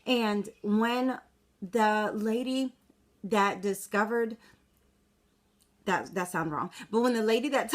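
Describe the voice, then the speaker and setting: A young woman from the United States giving a casual sales pitch to camera, upbeat and emphatic with many "um" fillers, close to tears as she speaks. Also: fairly bright tone. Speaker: direct sales presenter.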